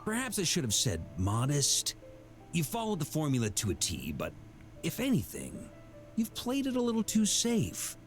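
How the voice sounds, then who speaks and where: An actor playing a hearty middle-aged knight grandmaster in a game, talking in a measured, formal, storytelling way. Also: male voice, fairly high pitch, huge pitch swings, faint music behind. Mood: genial. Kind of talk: game voice acting.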